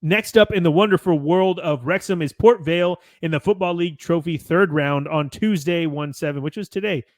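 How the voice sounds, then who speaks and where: A man's voice: a little high, moderate pace, no echo. An American man hosting a podcast, reading match results from notes with chatty asides and self-corrections. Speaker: podcast host.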